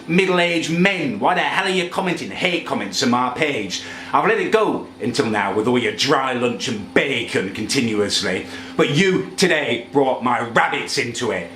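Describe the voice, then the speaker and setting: A man's voice: medium pitch, fairly bright tone. Seething man ranting in echoey room. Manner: indignant, pompous, seething. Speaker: comedy vlogger ranting in character. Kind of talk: angry rant monologue.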